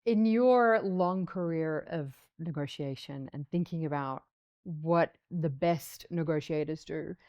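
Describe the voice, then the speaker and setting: A woman's voice: deep voice, slow pace, dark tone, no echo, lo-fi sound. A woman hosting an interview, who asks curious questions and sometimes searches for her words. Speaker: interview host. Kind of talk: interview conversation.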